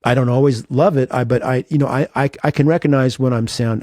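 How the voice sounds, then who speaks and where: A man's voice: mid-range voice, fairly even intonation, a little fast, a little mellow, no echo, clean studio sound. A man, a guitarist guest in an interview, talking earnestly and self-deprecatingly with lots of restarts. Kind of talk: reflective interview talk.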